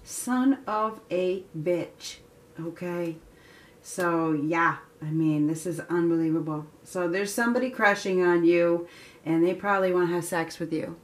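A woman giving a casual tarot reading, chatty and excitable, laughing often and filling pauses with ums. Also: lowish voice. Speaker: tarot reader.

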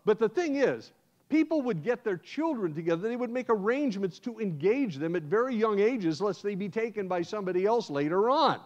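An American man, a guest preacher, telling a sermon as a lively first-person story. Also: high-pitched, a little fast. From United States. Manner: animated, acts out scenes in first person. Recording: dull lo-fi sound.

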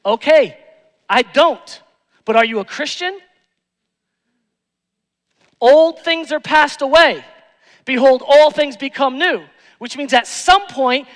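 A man's voice: extremely high pitch, expressive, a little slow, long pauses, a bit bright, in a large hall. A man preaching a sermon as pastor, emphatic, repeating phrases and asking rhetorical questions. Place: church sanctuary.

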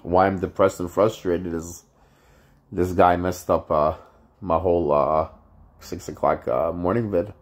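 A man with a very low voice is vlogging to his viewers, plainly upset and frustrated. He rambles and halts, filling gaps with "you know" and "uh" and restarting his thoughts. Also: fairly even intonation. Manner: halting, many fillers and restarts. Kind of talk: casual vlog monologue.

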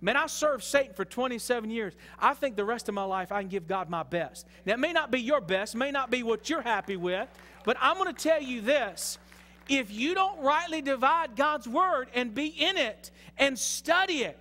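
A man with a Southern US accent preaching an excitable, shouting sermon as pastor in a church. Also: extremely high pitch, normal speed, long reverb tail. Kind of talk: fiery sermon. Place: church sanctuary.

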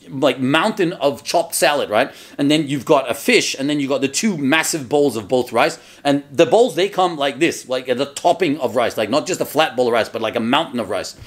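A man narrating his own memories in a casual, rambling way, full of fillers and restarts. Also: medium pitch. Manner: chatty, loose, filler-heavy, with loud acted shouts in quotes. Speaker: memoir narrator. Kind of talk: casual spoken storytelling.

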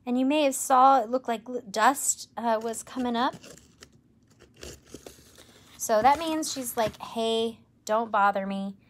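A woman educator presenting tarantulas in a live stream, enthusiastic and gentle, cooing at the animals. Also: high voice, a little slow, pauses often, a little hiss or hum. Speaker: insect zoo educator. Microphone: livestream camera mic.

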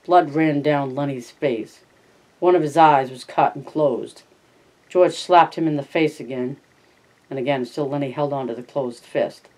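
Audiobook reader, mellow and warm in tone, reading aloud with restarts and an occasional aside. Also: medium pitch, a little slow, low-quality recording. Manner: reads aloud with slips and restarts. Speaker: narrator.

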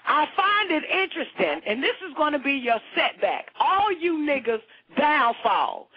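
A man hosting an internet radio call-in show, ranting in a profane, preachy and emphatic way. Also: very high voice. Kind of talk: heated call-in radio rant. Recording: muffled lo-fi internet radio audio.

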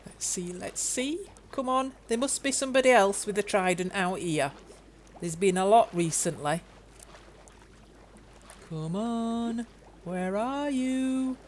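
An older woman, chatting excitedly to herself as she plays a video game. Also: medium pitch, slow pace, long pauses, slight background noise. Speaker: gaming YouTuber. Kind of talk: game commentary.

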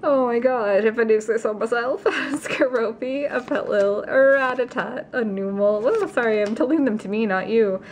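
A woman vlogging a card pack opening, gasping and gushing with excitement as she reads out each card. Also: fairly high pitch, moderate pace, few pauses, slight background noise. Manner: gasping, gushing, breathless exclamations. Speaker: YouTuber opening trading card packs. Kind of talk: excited unboxing vlog.

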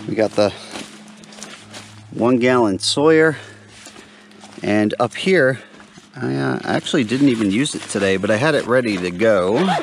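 A man's voice: lowish voice, noisy background. A man vlogging from a forest campsite, casually explaining his gear and chatting to his dog. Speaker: backpacking vlogger. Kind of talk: casual outdoor gear demo.

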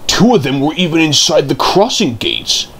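A man reading a children's storybook aloud in an expressive storytelling manner. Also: fairly high pitch, normal speed, a little hiss or hum.

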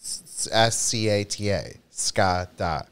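A man's voice: fairly low pitch, slow, a bit bright, clear, resonant tone. Teasing man co-hosting a livestream. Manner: teasing, jokey, trails off mid-thought. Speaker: co-host. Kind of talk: casual livestream chat.

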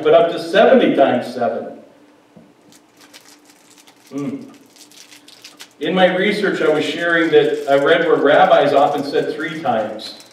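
A man's voice: on the high side, darkish tone. A male pastor preaching a sermon in a conversational way, joking with his congregation in a church hall. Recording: very echoey hall, mic far off.

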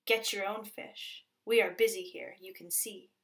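A woman's voice: medium pitch, steady tone, measured pace, a bit bright, lightly acted. A woman reading a storybook aloud, voicing a group of greedy frog spirits who taunt and dismiss a beggar.

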